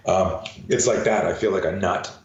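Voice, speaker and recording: Older man, deep voice, talkative, echoey room, muffled sound. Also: steady tone, normal speed. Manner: chatty, repeats words while thinking. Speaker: guest, self-defense coach. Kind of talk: casual interview. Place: garage.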